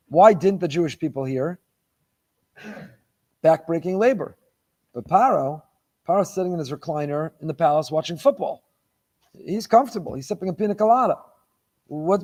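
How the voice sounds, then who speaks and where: A man's voice: a little high, animated, normal speed, long pauses, dark tone. A middle-aged man, a rabbi giving a Torah lecture, who talks emphatically and repeats phrases for stress.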